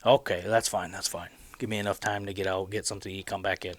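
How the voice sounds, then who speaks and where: A man's voice: deep voice, fast, dry recording. A man with a Midwestern American accent hosting a podcast, telling a rambling story in casual chat with frequent restarts. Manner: rambling, animated retelling with many restarts. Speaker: podcast host.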